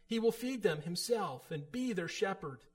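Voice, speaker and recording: High-voiced man preaching earnestly. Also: animated, normal speed. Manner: earnest, emphatic preaching with dramatic rises. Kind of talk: sermon.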